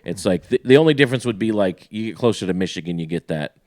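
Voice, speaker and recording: Midwestern male podcast host, low voice, rambling casual chat, dead-dry sound. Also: expressive, fast talker, a little mellow, no room sound. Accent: Midwestern American. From Ohio. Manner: rambling, self-interrupting.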